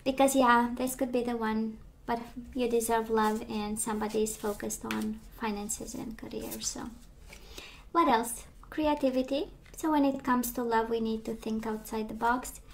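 A woman's voice: fairly high pitch, steady tone, normal speed, creaky. Woman losing her voice reading tarot. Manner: gentle, reassuring, with frequent fillers. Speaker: tarot reader.

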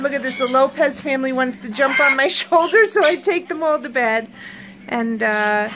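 High-pitched woman vlogger, slow and cooing, loud parrot squawks behind. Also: background noise. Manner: coos baby talk at her birds. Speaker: pet bird channel host. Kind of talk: casual bedtime vlog to viewers. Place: home at night with pet birds.

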